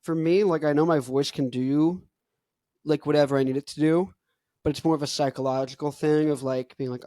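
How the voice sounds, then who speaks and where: A man's voice: on the high side, steady tone, brisk, dark tone, no room sound. A young man hosting a show, chatting casually about singing technique in a rambling way full of fillers, with a stuffed-up nose. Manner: rambling, loose, many "like" fillers. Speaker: host.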